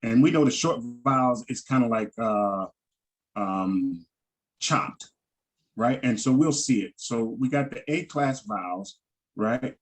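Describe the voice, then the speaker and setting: A man teaching a Hebrew vowel lesson over a video call, halting and repeating words and often checking in with "right?". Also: mid-range voice, rough recording.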